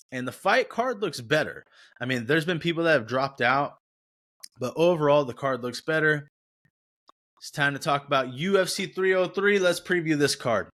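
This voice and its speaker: A man's voice: a little high, fairly bright tone. Casual rambling young man. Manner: casual, rambling, slangy, self-correcting. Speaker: podcast host. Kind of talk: casual sports podcast chat.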